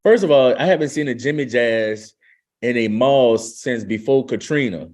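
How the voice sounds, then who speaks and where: A man's voice: medium pitch, moderate pace, a little mellow. A man, a podcast guest telling a story with lots of laughter and slang. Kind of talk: casual storytelling.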